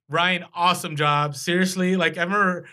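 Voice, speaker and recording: Male podcast co-host, fairly high voice, upbeat and animated, casual banter. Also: moderate pace. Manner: animated, rising in pitch when excited. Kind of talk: casual chat.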